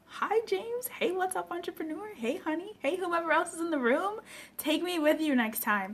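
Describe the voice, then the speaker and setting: Young woman life coach, high voice, effusive, casual livestream chatter. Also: normal speed. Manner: bubbly, gushing greetings with big pitch jumps. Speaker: personal development coach livestreaming. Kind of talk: casual livestream chat, greeting viewers.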